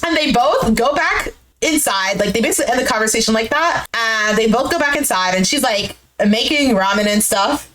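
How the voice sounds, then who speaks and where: Woman, show recap streamer, high voice, very lively intonation, exasperated casual commentary. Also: brisk, a little hiss or hum, rough recording. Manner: animated, exasperated commentary with frequent "like".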